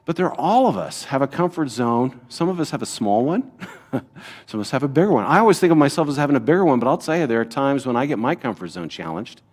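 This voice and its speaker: A man's voice: mid-range voice, sing-song, fast, a little mellow. A middle-aged man, a pastor, teaching a Bible lesson to his congregation in a conversational way, with rhetorical questions and frequent "right?" asides.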